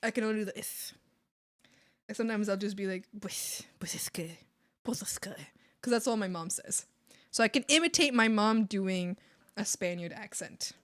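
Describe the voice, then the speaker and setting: A woman's voice: mid-range voice, moderate pace, a bit bright, no echo, studio quality. A Canadian woman from the Maritimes chatting casually on a live art stream, bubbly and giggly, rambling with lots of fillers.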